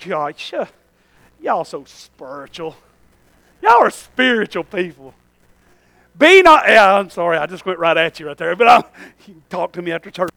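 A male pastor, preaching a sermon, swinging between loud shouting and low asides to the congregation. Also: big pitch swings, moderate pace, creaky, pauses often, no echo.

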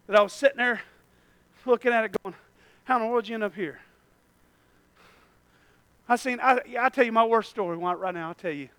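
A man preaching a sermon, swinging from shouting to hushed storytelling. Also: very high voice, no echo.

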